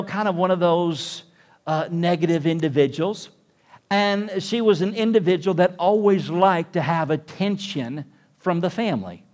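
A man preaching as a pastor to a congregation, with emphatic rising peaks in his delivery. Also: sits high. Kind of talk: sermon. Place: church room with congregation.

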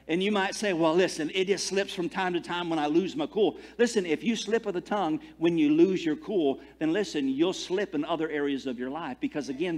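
Man, middle-aged, pastor, slightly high pitch, animated sermon, restarts often. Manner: animated storytelling, repeats words, many restarts. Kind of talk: conversational sermon.

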